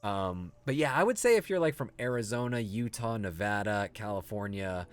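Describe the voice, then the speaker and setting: A man's voice: fairly low pitch, lively intonation, moderate pace, smooth, no room sound. A man streaming a video game, chatting casually and answering his chat as he plays. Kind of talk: casual gameplay commentary.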